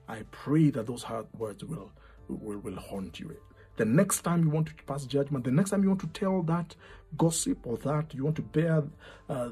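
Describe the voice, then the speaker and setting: A man preaching an impassioned sermon, repeating his phrases and dropping to a hush at times. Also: mid-range voice. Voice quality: very husky.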